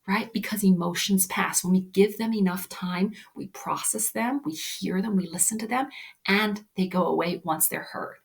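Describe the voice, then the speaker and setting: A woman coaching children on their emotions, gently and reassuringly, often checking in with a "right?". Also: mid-range voice, moderate pace, vocal fry. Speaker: kids life coach. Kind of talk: explaining lesson to children.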